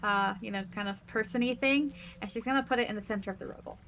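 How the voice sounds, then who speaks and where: A woman's voice: medium pitch, fast, fairly bright tone, a little hiss or hum. A woman playing a tabletop game, chatty and hesitant, often giggling. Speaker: player. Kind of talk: casual tabletop play.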